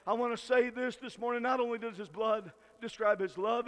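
A man from Michigan preaching a fiery Baptist revival sermon in folksy rural talk, shouting at the peaks and stretching out key words. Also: very high-pitched, long reverb tail. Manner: shouting climaxes and slow drawn-out emphasis.

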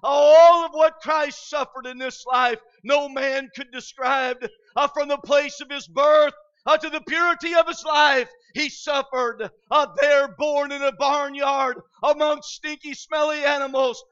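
High-voiced shouting preacher from Michigan. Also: male voice. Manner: shouted, impassioned preaching with frequent "uh" fillers. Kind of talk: revival sermon. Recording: dull lo-fi recording.

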